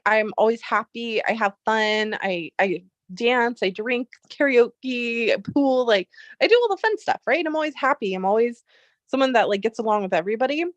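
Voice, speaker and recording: A woman's voice: on the high side, a bit bright, no echo. A woman vlogging, telling a personal story in a casual, chatty way full of "like" and retold dialogue. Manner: chatty, full of "like" and quoted retellings. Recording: dull lo-fi audio.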